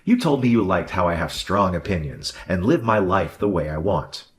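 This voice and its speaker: A man voicing a selfish, condescending husband who blames his wife, in an animated drama. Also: low voice, moderate pace. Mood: arrogant. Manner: condescending, dismissive, then backpedaling. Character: selfish arrogant husband who loves fishing. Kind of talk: animated story voice acting.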